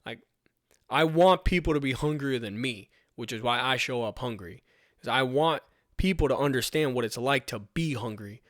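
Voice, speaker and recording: A man's voice: medium pitch, moderate pace, no room sound, studio quality. A young man hosting a podcast about his fire recruit training, giving an earnest, emphatic motivational talk that repeats rallying commands.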